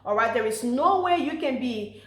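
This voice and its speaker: Earnest high-voiced woman in an echoey room. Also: lively intonation, moderate pace. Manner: warm, earnest, fills with "you know" and "okay". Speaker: motivational speaker for mothers. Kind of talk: encouraging advice talk.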